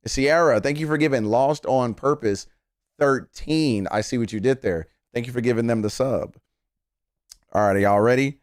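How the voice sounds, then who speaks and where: A man's voice: medium pitch, animated, normal speed, a little mellow, dry recording, studio quality. A man chatting casually and playfully on a live stream while reacting to a video, often laughing.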